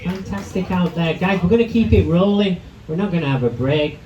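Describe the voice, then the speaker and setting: A man's voice: sits high, a little fast, muffled recording, background noise. A man hosting a live comedy night, loose and bantering with the crowd between acts. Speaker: comedy show MC. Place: comedy club. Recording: echoey club with audience.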